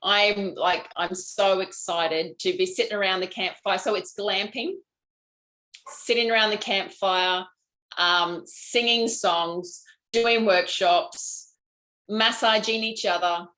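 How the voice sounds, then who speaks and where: A woman's voice: medium pitch, fairly even intonation, slow pace, bright, forceful tone, low-quality recording. Bubbly, frank Australian woman; live-stream host chatting with viewers. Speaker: host, lymphatic health practitioner. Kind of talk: live-stream chat answering viewer comments.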